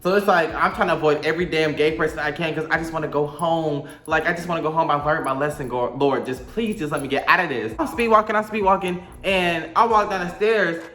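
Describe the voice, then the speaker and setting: A man's voice: on the high side, fast, few pauses, pushed and bright, roomy sound, soft background music. Profane, dramatic young man telling a story. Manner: profane, dramatic, acts out quotes. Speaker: storytime vlogger. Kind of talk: animated storytime monologue.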